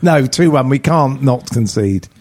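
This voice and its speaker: A man's voice: mid-range voice, animated, measured pace, a little mellow. A man with an English accent hosting a casual football podcast, joking and laughing often. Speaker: podcast host.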